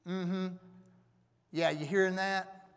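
A man's voice: high voice, fairly even intonation, takes it slowly, clear, resonant tone. A man preaching a sermon on a stage microphone, talking conversationally and asking the audience questions. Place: church hall. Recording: long reverb of a hall.

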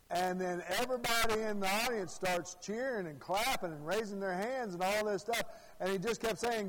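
A man's voice: high voice, normal speed, slight background noise. A man from Arkansas, preaching a sermon in a folksy storytelling way and repeating his phrases. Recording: long hall reverb.

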